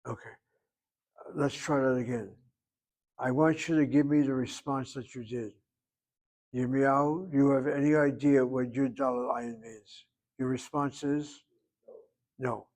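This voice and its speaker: A man's voice: medium pitch, steady tone, measured pace, long pauses, darkish tone. An older man teaching a Hebrew class, joking and digressing, then patiently correcting a student's pronunciation. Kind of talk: online class instruction.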